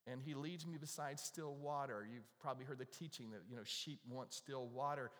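A man preaching to his congregation in a conversational way, his voice lifting and dropping as he stresses words. He is recorded in a church with a long, echoing reverb, and his pitch sits in an ordinary middle range. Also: normal speed. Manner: animated, conversational preaching with repeated starts. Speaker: pastor. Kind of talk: sermon. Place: church sanctuary. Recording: echoey hall reverb.

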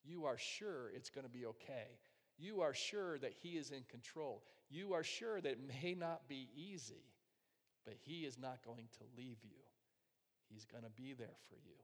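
A man preaching a sermon, telling a personal story and swinging between loud, emphatic passages and hushed, quiet ones. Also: medium pitch. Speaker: pastor. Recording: long hall reverb.

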